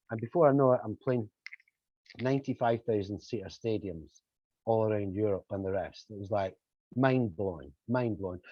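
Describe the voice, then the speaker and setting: Older man telling lively stories. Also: medium pitch, slight background noise. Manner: animated anecdotes, acting out quoted voices. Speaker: musician guest. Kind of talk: storytelling in a podcast interview. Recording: slightly dull lo-fi audio.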